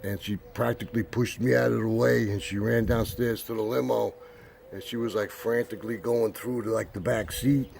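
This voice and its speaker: Gravelly older New man telling a story. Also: medium pitch, fairly even intonation, normal speed, a little mellow. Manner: rambling, many fillers and restarts. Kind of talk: casual personal anecdote.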